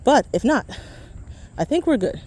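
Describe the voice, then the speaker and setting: A woman's voice: a little high, big pitch swings, moderate pace, warm tone, a little hiss or hum. Breathless woman joking through a park tour. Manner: chatty, joking, talks straight to viewers. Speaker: vlogger giving a park tour. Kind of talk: casual walking-tour chat. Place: outdoor city park, walking. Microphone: faulty mic.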